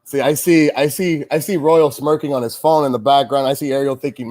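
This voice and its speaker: A man's voice: medium pitch, fairly even intonation, a little fast, a little mellow. A man hosting a casual sports show, venting with frustration, swearing and rambling through restarts. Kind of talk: casual pregame-style sports chat, venting.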